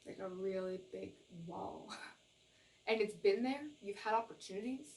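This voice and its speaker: A woman's voice: medium pitch, moderate pace, darkish tone, distant mic, rough recording. A woman giving a tarot reading to camera, earnest and reassuring, often checking in with "okay?" and gushing with emotion. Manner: gushes with emotion. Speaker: tarot reader.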